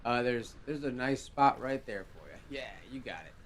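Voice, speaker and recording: A man hosting a live game show stream, talking casually in a relaxed, rambling way with many fillers. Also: medium pitch, moderate pace, a little hiss or hum.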